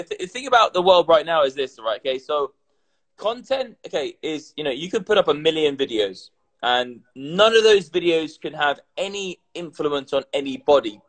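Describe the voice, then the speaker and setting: A slightly high-voiced man talks loosely on a livestream, a little drunk. He swears freely, repeats phrases and runs on in an animated, casual way. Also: low-quality recording. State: tipsy. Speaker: crypto content creator.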